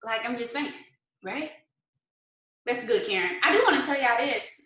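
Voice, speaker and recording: A woman leading a motivational livestream for her sales team, animated and talking straight to viewers in the comments. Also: fairly high pitch, normal speed, echoey room, low-quality recording. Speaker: network marketing team leader.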